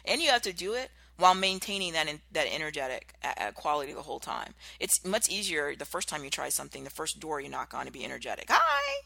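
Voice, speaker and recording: A podcast host giving an animated motivational talk, acting out contrasting example voices. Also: mid-range voice, quick pace, vocal fry, few pauses, no room sound.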